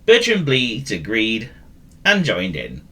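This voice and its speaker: A man reading a children's story in a very lively voice that swoops up and down. His tone is bright and crisp, and he teases the listener with playful asides. A classic storybook reading. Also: fairly low pitch, slow pace.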